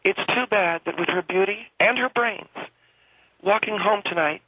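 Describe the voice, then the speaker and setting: A man's voice: high voice, moderate pace, sharp tone, no echo, pitched above the performer's own voice, poor audio. A man voicing a smug, prim middle-aged woman who runs a homeowners association, talking down to a caller with mock sweetness on a comic call-in show. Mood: smug, condescending. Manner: condescending, bigoted, mock-sweet. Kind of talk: comic radio character call-in.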